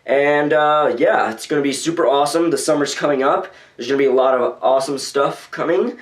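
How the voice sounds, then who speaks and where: A man's voice: a little high, a little fast. Rambling young man vlogging casually. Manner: rambling, loose, frequent fillers. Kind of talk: casual vlog commentary.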